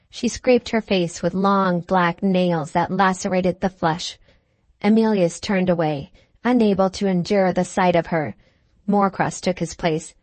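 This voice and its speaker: Low-voiced woman narrating a classic novel. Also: darkish tone, dry recording. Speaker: audiobook narrator. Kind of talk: scripted narration.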